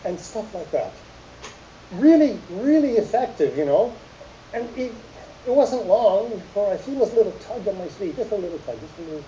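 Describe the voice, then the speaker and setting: Presenter: middle-aged man, lively delivery, dark mellow tone, muffled echoey hall recording with hiss. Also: sits high, brisk. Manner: animated, jokey, addresses audience directly. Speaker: speaker giving a talk. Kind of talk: storytelling presentation to an audience.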